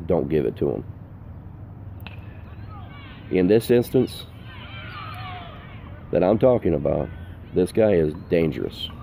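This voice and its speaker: A man's voice: low voice, very animated, takes it slowly, vocal fry, long pauses, warm tone, a little hiss or hum. An older man, a full-time RV vlogger, giving earnest, emphatic safety advice outdoors, repeating his points. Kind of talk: casual outdoor vlog advice. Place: outdoors in the sun.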